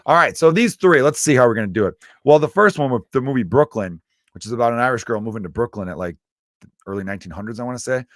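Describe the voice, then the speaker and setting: A man's voice: medium pitch, animated, quick pace, a bit bright, no room sound, studio quality. A man from the United States hosting his own comedy podcast, rambling through a casual rant with loose, profane, self-mocking asides. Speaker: stand-up comedian podcast host.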